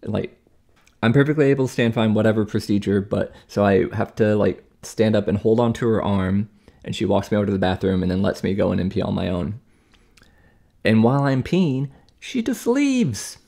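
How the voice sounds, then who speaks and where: A young vlogger recovering from surgery cooks at home while telling a story casually. His lowish voice is gravelly and mellow and a little fast, and he sounds chatty and exasperated as he acts out other people's lines.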